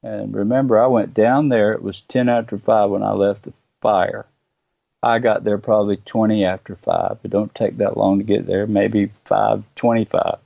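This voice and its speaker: A middle-aged man with a low, gravelly, dark voice recounts his story in earnest, halting bursts. The sound is dry and muffled, like a lo-fi remote line. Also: little pitch movement, dry recording. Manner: earnest, halting retelling with many pauses. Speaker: guest. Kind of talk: personal storytelling interview.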